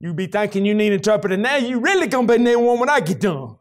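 A man with a Southern US accent preaching a sermon in a church, folksy and animated, often rising into shouts. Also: high voice, fast talker. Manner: folksy, animated, breaks into shouts when excited. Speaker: pastor.

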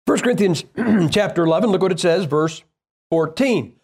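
A man's voice: sits high, expressive, moderate pace, darkish tone, breathy edge. A man preaching a sermon, telling a personal story in a plain-spoken, conversational way and firing rhetorical questions at the congregation.

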